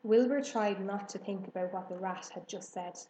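Mellow-voiced woman reading a storybook. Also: mid-range voice, moderate pace, roomy sound, a little hiss or hum, low-quality recording. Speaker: audiobook narrator. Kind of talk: children's storybook narration.

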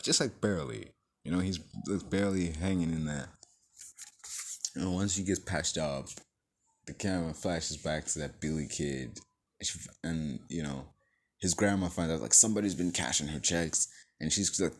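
A man hosting a casual movie review, excitable and profane, with lots of "like" and "you know". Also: deep voice.

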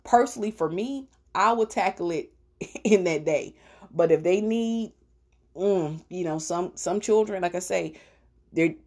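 A woman's voice: on the low side, unhurried, a little mellow. A woman hosting a podcast, giving parenting advice in a casual, conversational way, often asking the listener "all right?". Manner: chatty, conversational, with fillers and direct address. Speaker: podcast host.

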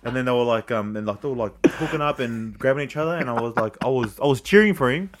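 An Australian man in his thirties, a rugby league player, telling stories in a casual chat, animated and swearing freely. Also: medium pitch, quick pace, a little hiss or hum. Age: 30s.

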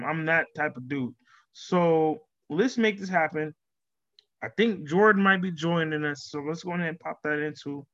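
A man talking casually to his viewers in an animated way, laughing often and repeating words as he goes. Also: a little high, lo-fi sound. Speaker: vlogger. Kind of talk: casual talk to camera.

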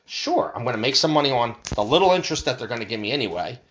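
A man's voice: mid-range voice, rapid-fire. A man telling a rambling story in a casual rant, swearing freely and restarting sentences as he goes. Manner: animated, profane, rambling storytelling. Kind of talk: casual ranting monologue.

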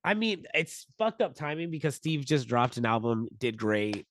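A man's voice: medium pitch, big pitch swings, moderate pace, a little hiss or hum. A man co-hosting a podcast, talking candidly and at length, swearing often. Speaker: podcast co-host. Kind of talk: casual chat.

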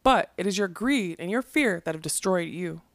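A woman voicing a grim young king who speaks firmly and gravely. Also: fairly low pitch, animated, moderate pace, no room sound, clean studio sound. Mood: stern. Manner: firm, grave.

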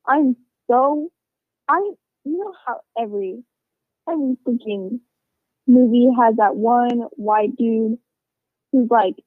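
A woman's voice: on the high side, slow pace, pauses often, no echo. Rambling young-sounding woman on a tinny line. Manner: rambling, swears a lot, with lots of fillers. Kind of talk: casual storytelling rant. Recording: tinny phone-like sound, dry.

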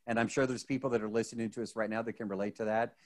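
A man, co-hosting a podcast in casual chat. He talks excitably and rambles, with many restarts. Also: fairly low pitch, rapid-fire. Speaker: podcast co-host.

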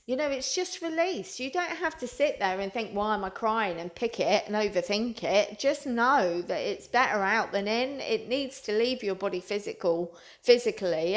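Woman, spiritual vlogger, earnest, loose and repetitive delivery. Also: fairly high pitch. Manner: earnest, rambling, repeats herself. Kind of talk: casual spiritual talk to viewers.

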